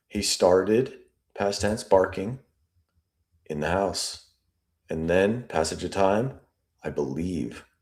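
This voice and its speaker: A man analyzing an interview transcript, reading lines aloud and musing over them deliberately. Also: low voice, mellow. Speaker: statement analyst.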